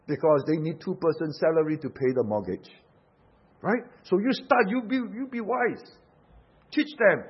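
Emphatic preacher, husky slightly high voice. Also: male voice, moderate pace. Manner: emphatic, rhetorical questions, rising and falling force. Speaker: pastor. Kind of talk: sermon. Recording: dull lo-fi sound.

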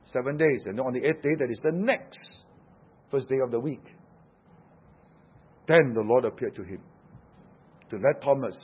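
In a dull, lo-fi recording, a man preaches a sermon in a medium-pitched voice with a husky edge. Emphatic throughout, he drops to a hush and then surges loud to hammer home key phrases.

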